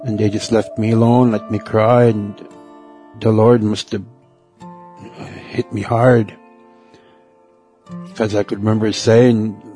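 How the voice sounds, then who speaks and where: A middle-aged man telling his personal faith testimony in a halting way, repeating words and letting phrases trail off. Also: lowish voice, level tone. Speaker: testimony speaker. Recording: soft guitar music behind.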